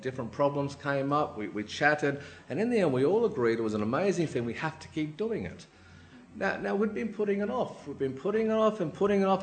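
Lively male preacher in an echoey hall. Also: fairly high pitch. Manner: lively, acts out quoted voices, keeps asking "right?". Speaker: lay preacher. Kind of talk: sermon with personal stories. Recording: roomy hall echo.

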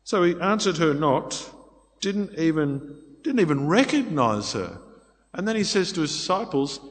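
A man's voice: a little high, normal speed. Man preaching in a reverberant hall. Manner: expressive, swings between loud pleading and hushed asides. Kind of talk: sermon. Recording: long reverb of a large hall.

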